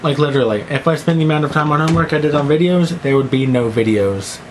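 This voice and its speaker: A man's voice: fairly high pitch, fast, slight background noise, low-quality recording. A teenage boy rambling goofily in a one-take vlog monologue, jumping between silly voices and mumbled asides. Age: teens. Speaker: vlogger.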